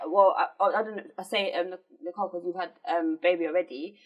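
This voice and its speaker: A woman's voice: on the low side, fairly even intonation, fast talker, lo-fi sound. A woman with a South London accent, co-hosting a podcast in a frank, outspoken way, swearing freely. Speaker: co-host. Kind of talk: casual podcast chat.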